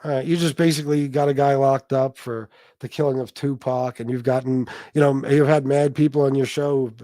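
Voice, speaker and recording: A man's voice: mid-range voice, a little fast, no room sound, studio quality. A man hosting a casual livestream, reading viewer comments aloud and ranting bluntly with plenty of swearing. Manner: blunt, profane, animated rants. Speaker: livestream host.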